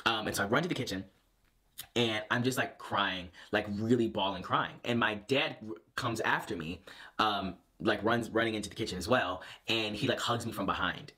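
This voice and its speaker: Young man, casual vlogger, lively storyteller, bright forward voice, lowish pitch. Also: moderate pace. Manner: animated, lots of fillers and restarts.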